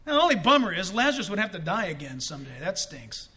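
High, bright-voiced animated male preacher. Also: quick pace. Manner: animated, shouts for emphasis, jokes and laughs. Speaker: pastor. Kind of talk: sermon.

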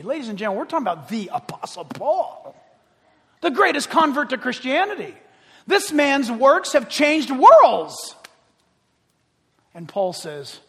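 Man, preacher, very high voice, animated and joking, rhetorical questions, long church reverb. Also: gravelly. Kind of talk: sermon.

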